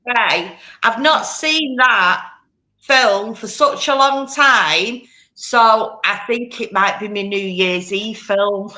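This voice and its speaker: Slow-speaking woman with a bright, fairly high voice, warm in casual chat.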